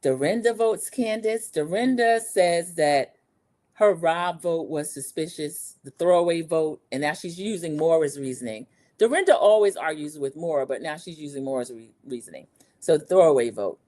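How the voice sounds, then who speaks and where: In casual TV recap commentary, a deep-voiced woman in her 40s gossips sassily about an episode at a normal pace, chatting freely and mimicking the cast with animated put-on voices.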